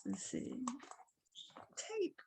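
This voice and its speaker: A woman with a Southern US accent, chatting casually at home as she shows jewelry for sale, impatient and quick to laugh at herself. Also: background noise. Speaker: online jewelry seller. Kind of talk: casual selling vlog.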